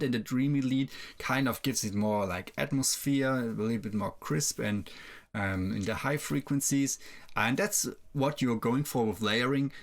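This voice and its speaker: Man halting through a production tutorial. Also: medium pitch, vocal fry, a bit bright. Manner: halting, filler-heavy explaining. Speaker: music producer teaching. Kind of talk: screen-share production tutorial.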